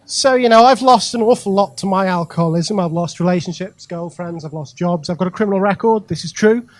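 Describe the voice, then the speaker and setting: Stand-up comic, man, higher voice, chatty crowd work. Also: brisk. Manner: conversational, addresses crowd directly, frequent ums and asides. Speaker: stand-up comedian. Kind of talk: stand-up comedy set. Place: comedy club stage.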